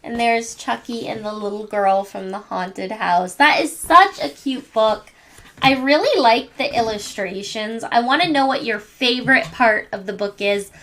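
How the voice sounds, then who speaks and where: A woman reading a bedtime story aloud to children in a gentle manner. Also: a little high. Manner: gentle, slow reading to kids. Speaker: storybook reader.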